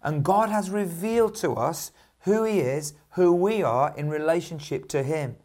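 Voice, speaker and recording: Pastor preaching a sermon. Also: male voice, fairly high pitch, normal speed. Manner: warm anecdotal preaching with repeated affirmations.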